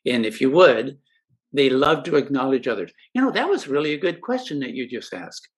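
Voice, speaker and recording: A man's voice: medium pitch, very animated, fairly quick. An older man giving a friendly instructional talk to teachers, who now and then acts out students' replies. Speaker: educational presenter.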